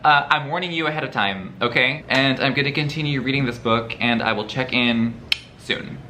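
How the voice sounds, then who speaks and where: A man chatting casually in a reading vlog, animated and profane, with campy humor. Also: mid-range voice, moderate pace, a little hiss or hum. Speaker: book vlogger. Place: indoors at home, later outdoors.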